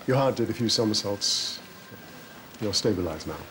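An actor playing a calm, measured doctor. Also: male voice, fairly low pitch, background noise, lightly acted. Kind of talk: TV drama acting.

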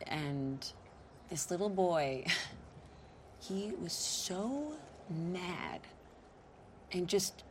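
An actress playing a concerned young woman who asks gentle, probing questions and laughs often, outdoors by a lake. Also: fairly low pitch, lively intonation, very slow, pauses often. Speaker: film character. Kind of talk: naturalistic film acting. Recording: noisy outdoor film sound.

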